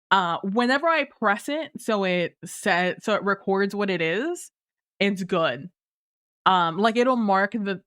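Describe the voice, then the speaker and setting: Her mid-range voice has a slightly bright quality. She's a woman streaming from her home computer, reading viewer messages in relaxed chat, with frequent laughter, apologies, fillers, and false starts.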